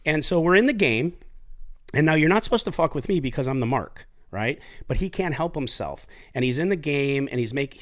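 A man hosting a podcast, telling stories in casual, profane chat. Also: mid-range voice. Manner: profane, animated storyteller. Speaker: podcast host.

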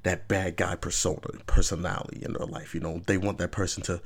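A man's voice: sits low, fairly quick, creaky, few pauses. A man hosting his own vlog, giving casual opinion commentary in an emphatic, rambling way with frequent rhetorical check-ins. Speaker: vlog host.

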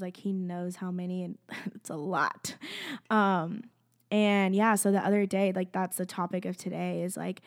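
A young woman telling a personal faith story to camera, earnest and chatty, with "like" in nearly every phrase. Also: lowish voice. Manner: chatty, earnest, fills speech with "like". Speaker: faith vlogger. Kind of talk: casual personal testimony to camera.

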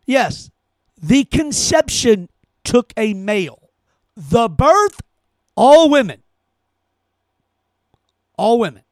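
Male host, very high and lively voice, heated profane rant, dry close sound. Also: drawn-out words, long pauses, dry recording. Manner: heated, cursing, emphatic repetition. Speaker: podcast host. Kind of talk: angry opinion rant.

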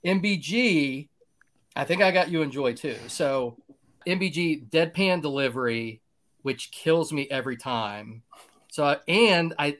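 A man's voice: fairly high pitch, a bit bright. A man co-hosting a podcast in casual chat, joking and laughing often. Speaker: podcast co-host.

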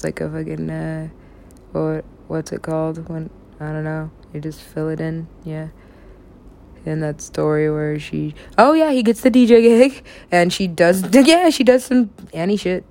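A woman's voice: low-pitched, gravelly, warm tone, slight background noise. A young woman chatting casually and rambling about stories she has written, laughing often and swearing freely. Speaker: writer describing her own stories.

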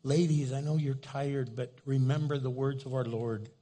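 A man's voice: medium pitch, fairly even intonation, normal speed, warm tone. An older man preaching a conversational sermon as pastor, telling folksy stories and speaking directly to his congregation.

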